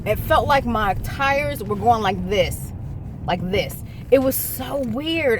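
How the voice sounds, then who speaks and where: Her voice is a little high, slow and lively in intonation, with background noise behind it. The vlogger rambles through a casual storytime, correcting herself and speaking straight to her viewers.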